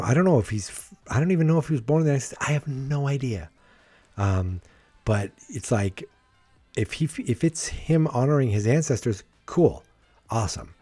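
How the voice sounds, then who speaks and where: A man's voice: mid-range voice, dark tone, slightly rough, no room sound. A man giving a rambling, frank solo commentary on wrestling, swearing freely and thinking aloud. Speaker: wrestling podcaster.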